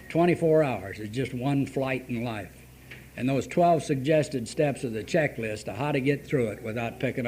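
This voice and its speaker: An older man speaks at an AA meeting in an earthy, plain-spoken way, spinning down-home stories. The voice sits at a middling pitch. An old cassette recording carries a faint hiss underneath. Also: a little mellow. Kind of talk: recovery talk with storytelling. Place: meeting room.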